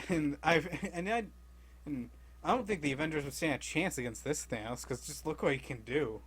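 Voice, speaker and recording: Young man, rambling comic recapper, slightly high voice, loose and chatty, quick laughs. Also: a bit bright, breathy edge. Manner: rambling, laughs often, acts out characters' lines loosely. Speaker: comic book recap creator.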